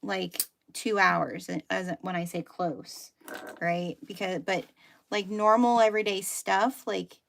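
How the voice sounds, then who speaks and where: Slow, gravelly woman host, chatty sew-along teacher thinking out loud, faint hiss behind. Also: mid-range voice, fairly even intonation. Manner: chatty, many "like" and "um" fillers, thinking aloud while working. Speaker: sewing teacher hosting a live sew-along. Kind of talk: casual live tutorial.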